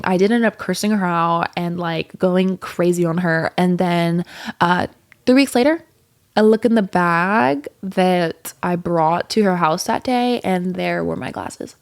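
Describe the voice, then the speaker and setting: A woman's voice: on the low side, darkish tone. A young woman hosting a podcast, telling a candid, rambling story in casual chat with plenty of swearing and fillers. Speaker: podcast host.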